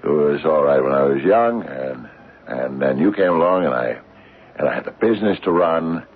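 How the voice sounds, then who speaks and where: An actor playing an anxious, aging widowed businessman in a radio drama, stammering and halting as he speaks. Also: rumbling low, expressive, breathy edge, full character voice. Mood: weary. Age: older. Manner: stammering, halting, repeats words. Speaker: father and retired company founder. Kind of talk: 1950s radio drama acting. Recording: narrow phone-like old radio recording.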